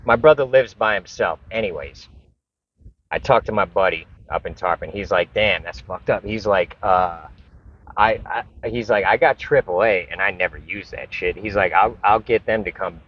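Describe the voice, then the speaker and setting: A man with a low voice tells a story straight to camera in a loose, rambling way, swearing freely and restarting his sentences. The recording sounds dull and lo-fi. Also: moderate pace. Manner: rambling, profane, repeats and restarts. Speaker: vlogger.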